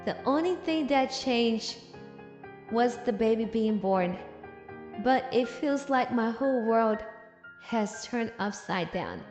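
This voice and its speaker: Comic-recap read: woman doing a sulky, self-pitying young empress, low and brooding, long reverb. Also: animated, takes it slowly, a little mellow. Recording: echoey room, long reverb, faint music.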